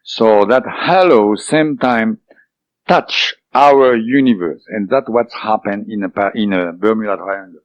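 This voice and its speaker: A man's voice: measured pace, no echo. French-accented man telling a strange tale. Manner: hesitant, with many fillers and restarts. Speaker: interviewee. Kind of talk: recounting a personal experience. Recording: dull, dry low-fidelity audio.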